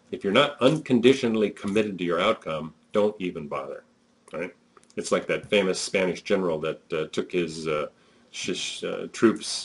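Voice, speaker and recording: A man's voice: sits low, breathy edge. A man giving a conversational, emphatic motivational talk as a network marketing trainer, with frequent fillers.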